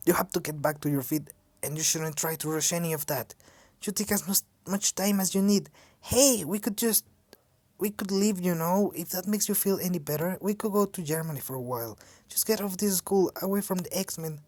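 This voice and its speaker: A woman reading as a gentle, protective young man. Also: fairly low pitch, moderate pace, dry recording, lightly acted. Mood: soothing. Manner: soft, reassuring.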